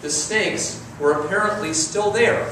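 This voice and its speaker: A man's voice: sits high, a little slow, a bit bright, slight background noise. A man preaching a sermon as pastor, conversational, with repetition and emphasis. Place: church sanctuary. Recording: roomy church sound from a distant mic.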